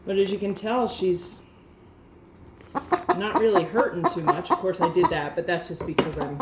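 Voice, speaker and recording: A woman caring for an injured hen, explaining what she does in a calm, soothing way and talking gently to the bird. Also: on the low side, normal speed. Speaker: backyard chicken keeper. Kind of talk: casual hands-on vlog narration. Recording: roomy echo with faint background noise.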